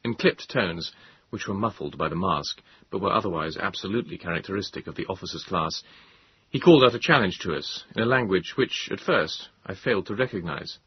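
A low-voiced man reads a story in a measured, grave manner. His voice is very husky and moves lively through its range. The recording is dry with a dull top end. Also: dry recording. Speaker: audiobook narrator. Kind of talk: scripted narration.

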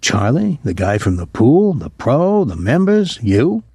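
A man's voice: medium pitch, wildly swooping pitch, a little slow, warm tone, slightly rough, no echo, clean studio sound, pitched above the performer's own voice, heavily acted. A man voicing a curt, bitter young locker-room attendant who answers defensively.

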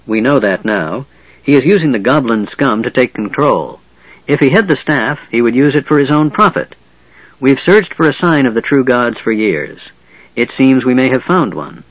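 A man voicing a calm, wise half-elf leader who speaks in a measured, firm way. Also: medium pitch, no room sound, lo-fi sound.

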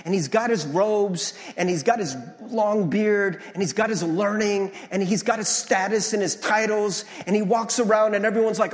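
A male pastor gives a conversational sermon in a church sanctuary, frequently asking "right?" and acting out the voices he quotes. His voice sits high, moving at a moderate pace with few pauses, under long hall reverb.

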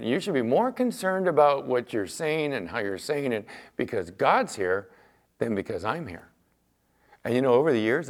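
A middle-aged man preaching as a pastor, telling everyday stories in a chatty way and acting out the back-and-forth of conversations. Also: mid-range voice. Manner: chatty storyteller, acts out quoted exchanges, fillers like "you know". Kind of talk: conversational sermon with anecdotes.

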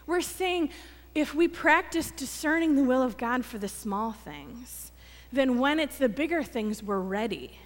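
A woman pastor giving a conversational sermon, telling stories with acted quotes and self-deprecating humor. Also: high-pitched. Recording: long reverb of a church hall.

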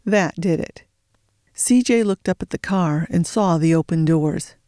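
A narrator reading a thriller audiobook in a steady storytelling voice, slowing for suspense. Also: medium pitch, dry recording, studio quality.

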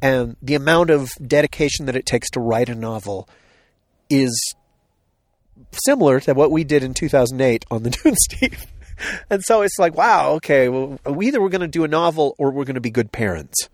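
A podcast co-host talking casually outdoors, rambling with frequent restarts. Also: male voice, medium pitch, lively intonation, moderate pace, dry recording, clean studio sound. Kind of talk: casual chat. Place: outdoors on a hill.

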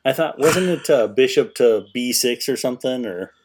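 A man's voice: mid-range voice, normal speed, darkish tone, a little hiss or hum. A man co-hosting a podcast in casual chat, agreeable and often laughing. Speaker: podcast co-host.

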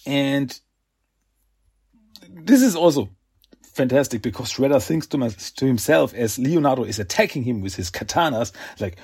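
A man's voice: mid-range voice, lively intonation, moderate pace, pauses often, darkish tone, slightly rough. A man hosting a podcast, recapping a comic book in a casual, rambling way. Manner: rambling with many uhs and restarts. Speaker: podcast host.

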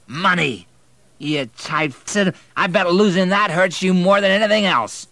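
A man's voice: fairly high pitch, big pitch swings, unhurried, sharp tone, dry recording, voice pushed up, full character voice. A man voicing a drunken, angry middle-aged husband with a thick, slurred voice. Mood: drunken sneering.

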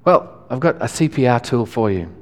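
Pastor preaching in a reverberant hall. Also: male voice, medium pitch, big pitch swings. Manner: conversational, halting restarts. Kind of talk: sermon.

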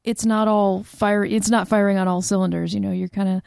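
A woman co-hosting a casual podcast chat, easygoing and quick to laugh. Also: medium pitch, little pitch movement, vocal fry, a little mellow, smooth, no room sound, studio quality. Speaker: podcast co-host.

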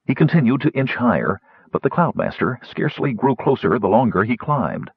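A man narrating an adventure novel aloud in an animated storytelling manner. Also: medium pitch, brisk, husky, dry recording, highs cut off. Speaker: audiobook narrator. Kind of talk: scripted fantasy narration.

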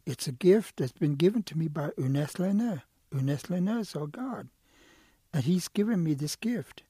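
A man's voice: a little high, animated, normal speed, dark tone, husky, dry recording. A man voicing a cautious old male turtle in a told animal story, hesitant and fretful. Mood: reluctant.

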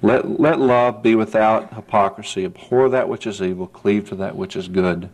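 A man's voice: fairly low pitch, moderate pace, a little mellow. A man preaching a sermon in an earnest, folksy way, often asking "see?" and building to emphatic peaks.

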